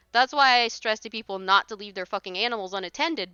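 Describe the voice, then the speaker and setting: A woman's voice: on the high side, animated, fast, hardly any pauses, sharp tone, clear, resonant tone, no room sound, highs cut off. A woman streaming live, chatting casually and reading out viewer comments, blunt and easily exasperated, swearing now and then. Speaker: streamer reading paranormal posts.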